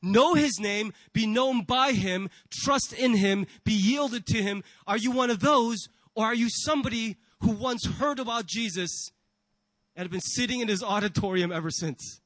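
A man's voice: sits high, moderate pace, fairly bright tone, no echo, rough recording. A man preaching a sermon as pastor, asking the congregation rhetorical questions and acting out inner voices. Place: church.

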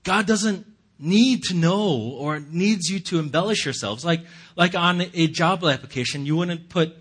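Guy pastor chatting thru a sermon, kinda high voice, laughs at his own jokes. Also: unhurried, a bit bright, slightly rough. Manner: casual, chuckling, many restarts and asides. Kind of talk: conversational sermon.

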